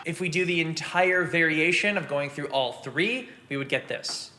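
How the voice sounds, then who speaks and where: A man's voice: a little high, moderate pace. A man giving a casual drum lesson, explaining rudiments step by step and counting beats aloud. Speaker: drum teacher. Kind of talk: casual instructional talk. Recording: loud drum and click noise behind. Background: snare drumming and metronome clicks.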